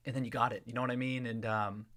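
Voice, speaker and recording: Male live stream host, mid-pitched, jokey and loose, rambling chat with restarts. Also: flat delivery, fast, bright, forceful tone. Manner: playful and joking, greeting chat viewers by name.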